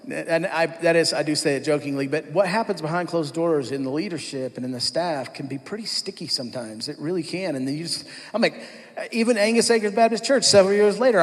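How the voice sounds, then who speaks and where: A man telling his personal testimony to a church congregation in a conversational storytelling way, acting out what others said. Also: a little high. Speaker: church worship leader giving his testimony. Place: church sanctuary. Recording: long church-hall reverb.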